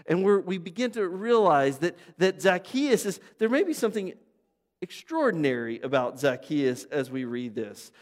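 A man preaching a sermon as a pastor, emphatic and repetitive, piling up phrases and asking the congregation rhetorical questions. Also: sits high. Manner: conversational asides and rhetorical questions. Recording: long reverb of a large hall.

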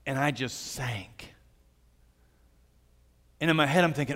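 A man preaching a sermon, earnest and gentle, telling personal stories as he speaks to the congregation. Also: mid-range voice, measured pace, long reverb tail. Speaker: pastor.

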